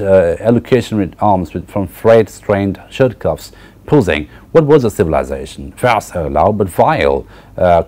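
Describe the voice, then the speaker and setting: A male university lecturer reading passages from a novel aloud and pausing to explain them to students. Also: low-pitched, mellow. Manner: reads passages with frequent fillers and restarts, then explains.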